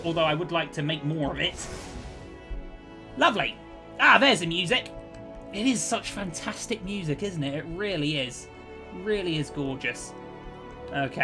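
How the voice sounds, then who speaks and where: A man giving cheerful, chatty commentary over his own strategy gameplay, thinking aloud as he plays. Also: sits high. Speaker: let's play host.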